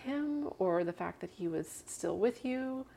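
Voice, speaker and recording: A woman's voice: mid-range voice, lively intonation, unhurried, vocal fry, warm tone. A woman interviewing a guest, asking brief, attentive questions in a conversational tone.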